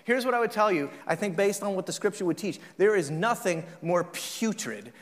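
A man preaching a sermon as a pastor, in a conversational, joking way with quick acted-out asides. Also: high-pitched, a bit bright. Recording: long hall reverb.

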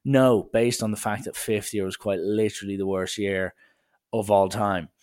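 A man's voice: on the low side, fairly even intonation, moderate pace, a little mellow. Brief: young Irish guy, casual rambling storyteller, self-deprecating.

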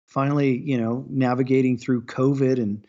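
Podcast co-host, male, halting casual talker, slightly lo-fi mic. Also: mid-range voice, flat delivery, dark tone. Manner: hesitant, many restarts and agreeing fillers.

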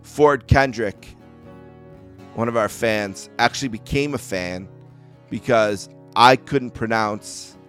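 Here the same kind of host, a man with a Western New York accent, talks solo on his sports podcast in a casual, meandering, self-mocking way, full of fillers. He speaks slowly at a medium pitch with a slightly bright tone, and faint music plays in the background.

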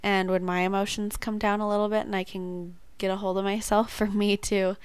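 A woman's voice: mid-range voice, flat delivery, brisk, smooth, no room sound. A young woman co-hosting a podcast, speaking candidly and hesitantly, with fillers. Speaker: podcast co-host. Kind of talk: casual chat.

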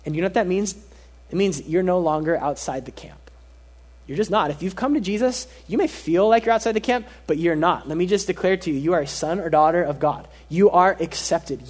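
A man preaching a sermon as pastor, earnest and emphatic, repeating key phrases and dropping his voice soft for stress. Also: high voice.

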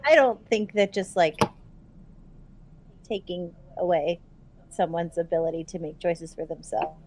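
A woman's voice: lowish voice, measured pace, darkish tone. A woman playing a tabletop game, answering hesitantly and thinking aloud. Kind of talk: casual in-character play.

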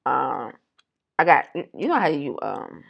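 A woman, co-hosting a casual chat and telling animated stories. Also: rumbling low, slow, vocal fry, husky, muffled recording. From Detroit. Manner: animated storytelling, acts out quotes. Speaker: podcast co-host.

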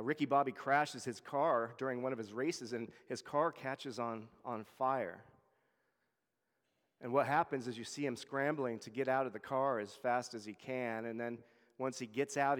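A man's voice: medium pitch, long reverb tail. A man serving as a church elder, preaching a conversational sermon and often repeating words as he goes. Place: church hall.

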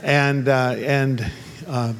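A man's voice: mid-range voice, little pitch movement, extremely slow, big-room sound, slight background noise. A man preaching a sermon as pastor, mixing humorous stories with fervent, angry calls to prayer. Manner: humorous storytelling turning to fervent, angry exhortation.

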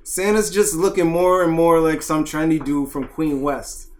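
A man's voice: a little high, level tone, moderate pace, soft background music. A man in casual podcast banter, making dry wisecracks. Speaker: podcast co-host.

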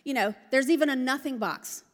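High-voiced woman preaching, hall echo. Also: brisk, slight background noise. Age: middle-aged. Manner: lively, joking, laughs often. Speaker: pastor. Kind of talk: sermon. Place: large church hall. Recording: long hall reverb.

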